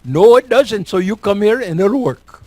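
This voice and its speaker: A man's voice: high-pitched, animated, measured pace, darkish tone, poor audio. A man from New York state gives a talk and takes audience questions, folksy and joking, repeating words for emphasis. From Elmira, New York. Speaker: guest speaker.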